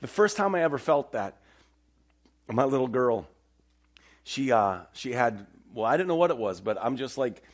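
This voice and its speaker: Middle-aged male pastor, animated storytelling sermon, casual banter with the congregation. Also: mid-range voice, normal speed, long pauses.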